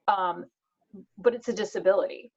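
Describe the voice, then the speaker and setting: A woman speaks reflectively in a workshop, her voice a little distant over dull call audio. She talks it through in a mid-pitched voice. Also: moderate pace, breathy edge. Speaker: workshop participant. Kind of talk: casual sharing.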